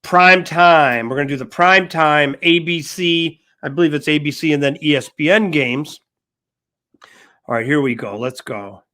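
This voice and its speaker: An older man co-hosts a casual sports show in a high, bright voice. He jumps in eagerly and keeps recalling stories he and his partner lived through. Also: normal speed. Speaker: co-host.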